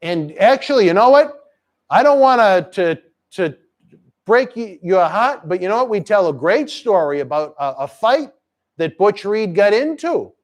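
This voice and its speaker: With a high voice and big swings in pitch, this host talks at normal speed on a live wrestling chat stream. He fires off promotions and crude jokes, full of brash sales patter and vulgar teasing.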